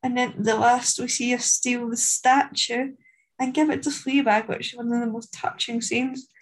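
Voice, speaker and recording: Husky, gravelly woman on a podcast. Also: on the high side, fairly even intonation, normal speed, rough recording. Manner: wry, offhand asides. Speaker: podcast co-host. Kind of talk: casual chat.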